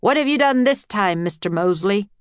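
A woman voicing a stern, gruff male ship captain who barks orders in a storybook reading. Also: medium pitch, normal speed, no room sound, lightly acted.

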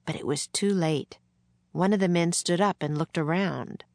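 A woman narrating a children's storybook aloud in a gentle read-aloud manner. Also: lowish voice, moderate pace, dry recording. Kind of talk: storybook reading.

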